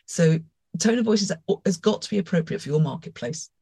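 A woman co-hosting a podcast in casual chat, talking emphatically in quick, confident bursts. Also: fairly low pitch, animated, dark tone, slightly rough, dry recording. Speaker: podcast co-host.

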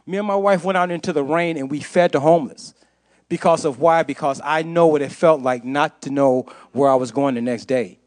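A man's voice: fairly high pitch, fairly quick, darkish tone. A man giving an impassioned testimony to a church congregation, repeating phrases for emphasis. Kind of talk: sermon testimony.

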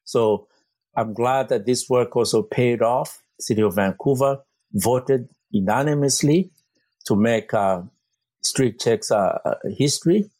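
A man's voice: medium pitch, unhurried, darkish tone, dry recording. A man working as a community organizer, answering interview questions earnestly with frequent fillers and restarts. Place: Vancouver.

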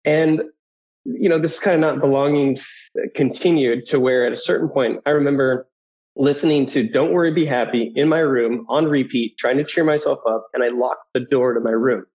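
A man in his thirties, a guest telling personal stories in an animated way, who often acts out the voices of people in his anecdotes. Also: mid-range voice, moderate pace. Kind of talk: personal storytelling. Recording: dull lo-fi audio.

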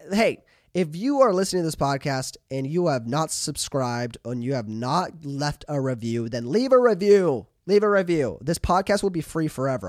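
A man hosting a podcast, talking casually and in an animated way, with lots of fillers and restarts. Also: medium pitch, dry recording, studio quality. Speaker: podcast host.

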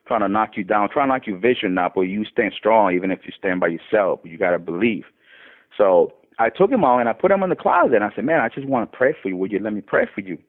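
A man casually telling a faith testimony, often restarting and lifting his voice when quoting others. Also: fairly low pitch. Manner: animated retelling with many restarts, voice rising when quoting others. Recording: tinny phone-line sound.

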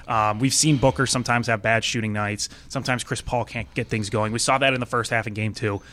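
A man's voice: mid-range voice, steady tone, fairly quick, fairly bright tone. A man hosting a podcast, chatting casually about game picks and thinking aloud with frequent restarts. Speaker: podcast host. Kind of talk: casual sports betting chat.

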